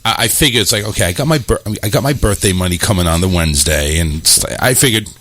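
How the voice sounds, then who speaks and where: A man hosting a casual live-streamed talk show, blunt and quick to swear when irritated, speaking into a new microphone. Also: low-pitched, expressive, a bit bright, no room sound.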